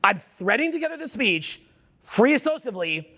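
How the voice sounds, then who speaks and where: A man giving a live seminar talk to an audience, animated and profane, firing questions at the crowd. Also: very high voice, a little fast. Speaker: seminar speaker. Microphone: unamplified handheld mic.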